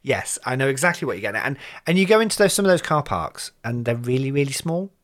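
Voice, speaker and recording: A man hosting a casual chat podcast, teasing his co-hosts in a lively, sometimes mock-posh way. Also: medium pitch, fast. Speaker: podcast host. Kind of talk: casual banter.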